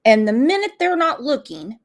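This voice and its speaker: A woman's voice: high-pitched, sing-song, normal speed. A woman hosting a true crime livestream, angry and blunt, swearing freely as she comments. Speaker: true crime channel host.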